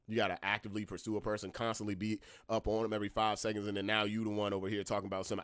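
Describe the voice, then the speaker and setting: A man hosting a casual podcast, talking bluntly and with swearing, moving between calm talk and loud, heated ranting. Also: on the low side, rapid-fire, hardly any pauses, no echo, studio quality. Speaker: podcast host.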